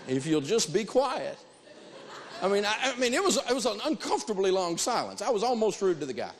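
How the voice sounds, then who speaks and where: A man's voice: high voice, sing-song, a little fast. Man teaching in an echoing hall. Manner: emphatic, repeats key phrases, storytelling. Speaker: financial speaker teaching negotiation. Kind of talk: animated lecture with personal stories.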